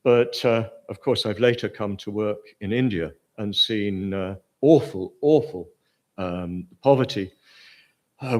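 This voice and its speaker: A man's voice: mid-range voice, a bit bright. An older man with a posh English accent giving an informal Buddhist talk, hesitant, with many fillers and restarts. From Britain. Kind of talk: informal lecture.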